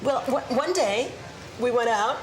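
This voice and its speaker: A woman talking as a guest in archive TV footage, lively and open, laughing easily in a candid chat. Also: fairly high pitch, measured pace, noisy background. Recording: old TV footage with music behind. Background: music.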